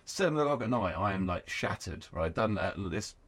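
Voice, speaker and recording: Animated man telling a rowdy story. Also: lowish voice, moderate pace. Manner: animated, profane, acts out quoted voices. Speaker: guest, garage owner. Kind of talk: casual storytelling interview.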